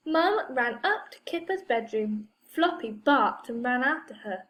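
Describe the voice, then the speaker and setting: A woman reading a children's storybook aloud in an expressive manner. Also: on the high side, measured pace, few pauses.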